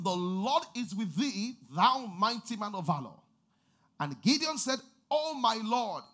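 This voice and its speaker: Man, pastor preaching, very high voice, bright tense tone, shouting and sing-song. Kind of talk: sermon.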